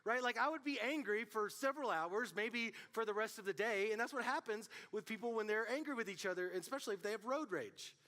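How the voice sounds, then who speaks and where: A man preaching to a student group as youth pastor, telling stories in an animated way and calling out to the room. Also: high-pitched, a little fast, few pauses. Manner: animated storytelling, calls out to the audience. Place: church hall. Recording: long hall reverb.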